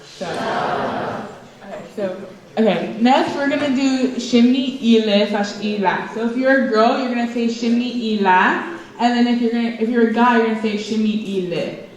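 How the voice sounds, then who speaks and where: A teenage girl presenting to an audience at a school event, teaching phrases slowly so people can repeat after her. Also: a little high. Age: teens. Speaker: student presenter. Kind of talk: classroom presentation. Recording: echoey hall.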